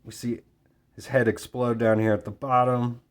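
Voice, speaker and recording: A man casually summarizing and reviewing a comic book issue, talking with frequent fillers and pauses. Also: medium pitch. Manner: relaxed, hesitant with fillers.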